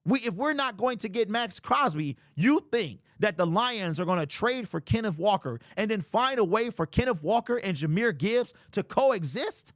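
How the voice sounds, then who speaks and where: A young man's voice sits high and sounds animated and fairly bright as he hosts a sports livestream at a moderate pace with few pauses. He reads super chats and rants, incredulous and exasperated, repeating himself. Dry recording, clean studio sound.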